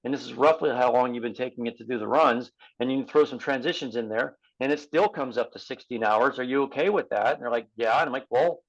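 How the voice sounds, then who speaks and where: A man's voice: mid-range voice, fast, hardly any pauses, lo-fi sound. A man who coaches triathletes, talking casually on a podcast and explaining through practical examples and quoted exchanges with athletes.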